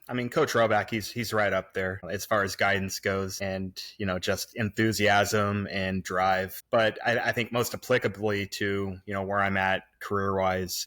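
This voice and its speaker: A man in his thirties from the Pacific Northwest, a podcast guest recorded remotely, reminiscing in a relaxed way with plenty of fillers and restarts. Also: on the low side, normal speed, hardly any pauses. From Pacific Northwest, USA. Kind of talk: casual remote podcast chat. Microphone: remote recording, podcast mic.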